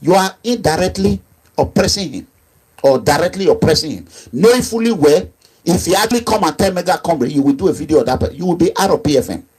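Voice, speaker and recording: A middle-aged Nigerian-accented man speaks fast and expressively, his voice a little mellow with a breathy edge. Delivering an activist leader's impassioned monologue, he is emphatic and repetitive, with low asides and raised outbursts.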